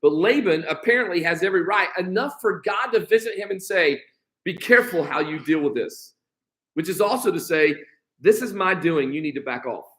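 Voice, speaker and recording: An American pastor with a bright, high-pitched voice leads a midweek Bible study. He reads passages aloud, then slips into loose modern paraphrase to explain them. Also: lively intonation, normal speed, low-quality recording. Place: church.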